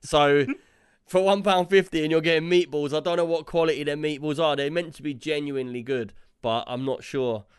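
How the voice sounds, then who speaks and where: A man's voice: on the high side, steady tone, fairly quick, smooth, no room sound, clean studio sound. A man co-hosting a podcast, chatty and playful, acting out quoted lines in casual chat. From Britain. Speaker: podcast co-host.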